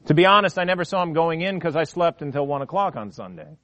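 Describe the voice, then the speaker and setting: A man with a high voice preaches a sermon in a church, dramatic and shifting between loud outbursts and hushed lines. He acts out quoted voices as he goes. The sound is dry and close. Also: expressive, quick pace, no echo. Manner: dramatic, acts out quoted voices, wide swings in pitch and volume. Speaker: pastor.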